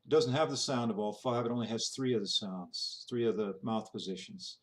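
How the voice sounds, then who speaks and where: A man giving an informal pronunciation lesson, demonstrating sounds aloud and often pausing with fillers and restarts. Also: on the low side. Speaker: teacher.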